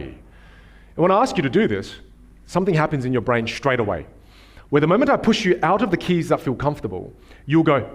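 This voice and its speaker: A man's voice: a little high, sing-song, a little fast. Emphatic man coaching on a stage. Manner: emphatic, repeats key phrases. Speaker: speaking coach. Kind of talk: live workshop talk. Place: theater stage.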